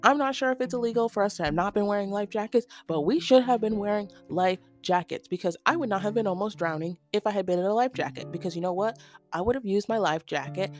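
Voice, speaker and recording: A young woman hosting a podcast, telling a comic story in an animated, exasperated way with big jumps in pitch. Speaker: podcast host. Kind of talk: comedic storytelling monologue.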